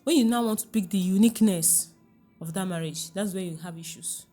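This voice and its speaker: Nigerian woman coaching with lively warmth. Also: medium pitch, brisk, faint music behind. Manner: lively, laughs often, keeps checking the listener understands. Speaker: relationship coach, guest. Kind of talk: podcast interview.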